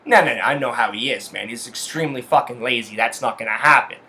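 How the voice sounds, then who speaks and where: A man's voice: medium pitch, fast talker, sharp tone. Fired-up man ranting. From Canada. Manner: heated, profane, swears constantly. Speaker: podcast host. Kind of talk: solo podcast rant. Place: his house.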